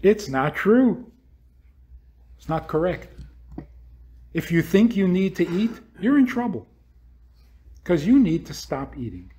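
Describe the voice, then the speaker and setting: A man's voice: high voice, big pitch swings, slow, pauses often, warm tone, slightly rough. A man speaking as a rabbi, lecturing an audience with provocative rhetorical questions and acting out what imagined people would say.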